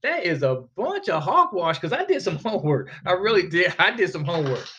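A man hosting a casual talk show, emphatic and animated as he makes his points. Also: high voice, fairly quick, muffled recording, background noise. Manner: animated and emphatic, rising when fired up. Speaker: podcast host.

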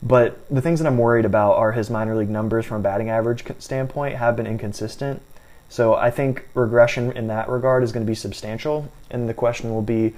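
A man co-hosting a casual fantasy baseball chat, walking through stats with a measured, hedging delivery and frequent restarts. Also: medium pitch, fairly even intonation, darkish tone. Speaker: fantasy baseball podcast co-host. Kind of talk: casual analytical sports chat.

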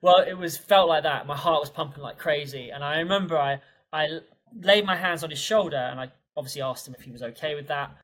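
Fast-talking, husky man. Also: fairly high pitch, low-quality recording. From England. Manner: animated, rapid storytelling with frequent fillers. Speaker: podcast guest. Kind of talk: conversational storytelling.

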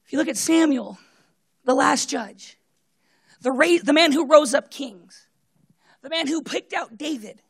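A woman preaching a sermon, retelling a story with acted-out voices and swinging between loud bursts and hushed tones. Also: high voice, unhurried, creaky, pauses often.

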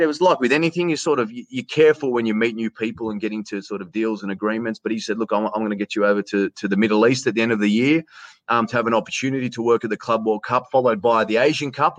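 A middle-aged Australian man in a casual interview, telling stories in a chatty, animated way and calling the host "mate". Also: fairly low pitch, no echo. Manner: chatty, animated storyteller who says "mate" often. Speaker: interview guest, sports announcer.

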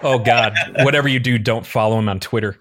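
Blunt, excitable man chatting. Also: medium pitch, fast, noisy background. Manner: excitable, blunt, swears freely. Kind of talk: casual chat.

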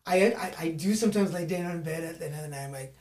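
A man from California, a podcast guest, telling a story in a lively, self-mocking way and acting out other voices. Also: on the high side, fast talker. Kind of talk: casual storytelling. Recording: echoey room.

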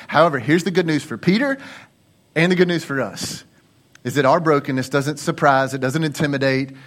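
A man's voice: fairly high pitch, fairly bright tone. A male lead pastor preaching a sermon in an earnest, conversational way, repeating phrases for emphasis.

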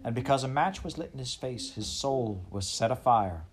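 A man's voice: mid-range voice, lively intonation, a crowd in the background. Man reading a children's novel aloud. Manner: addresses the listener directly, measured storyteller. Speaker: audiobook narrator.

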